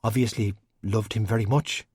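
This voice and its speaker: A man's voice: fairly low pitch, steady tone, moderate pace, darkish tone, slightly rough, dry recording, studio quality. A man voicing a nervous, defensive teenage boy in an audiobook. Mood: gentle. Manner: defensive, whiny.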